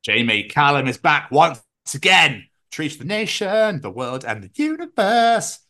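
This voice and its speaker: A man's voice: fairly high pitch, sing-song, measured pace, pushed and bright. A man with a British accent hosting a podcast, rambling casually, swearing and acting out silly bits. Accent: British English. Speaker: podcast host. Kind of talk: casual chat.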